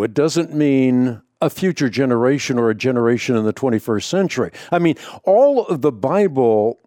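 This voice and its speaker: A man hosting a theological discussion, speaking in a measured way and stressing single words. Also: medium pitch, expressive, mellow, no room sound, clean studio sound. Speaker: podcast host.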